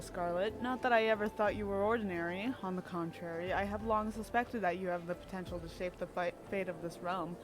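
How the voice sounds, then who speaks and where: A woman reading the lines of a suave, roguish male spy in her own mid-pitched voice, with light flair. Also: lightly acted. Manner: reading game dialogue aloud with light flair.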